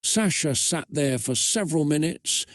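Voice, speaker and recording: Slow, dry-voiced man reading a story. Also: a little high, expressive, no echo. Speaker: narrator. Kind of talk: reading a fan story aloud.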